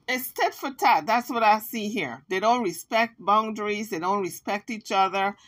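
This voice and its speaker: A woman giving casual, sassy commentary, telling a story in an animated way and acting out the quotes. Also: mid-range voice, normal speed, few pauses.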